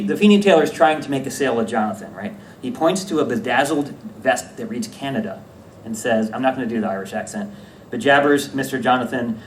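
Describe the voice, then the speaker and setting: A man giving a conference talk about slides, lively and self-correcting, often checking in with the audience. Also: medium pitch. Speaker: academic conference presenter. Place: lecture room at a conference. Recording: echoey room, distant mic, faint hiss.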